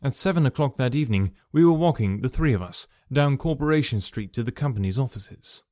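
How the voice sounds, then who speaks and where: A man narrating a classic detective story with steady storytelling. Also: medium pitch, a little fast, no room sound, clean studio sound. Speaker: audiobook narrator.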